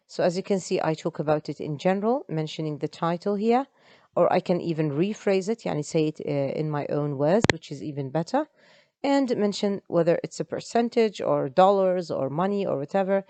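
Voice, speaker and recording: A woman's voice: on the low side, animated, moderate pace, dark tone, no echo. A woman, an English teacher explaining step by step in an online lesson. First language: Arabic.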